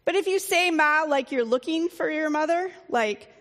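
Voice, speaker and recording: A woman pastor preaching in an easygoing, conversational way, with a few fillers along the way. Her voice sits a little high for a woman, and a long reverb trails after her words, as in a church sanctuary. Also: lively intonation, normal speed, a bit bright. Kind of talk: sermon.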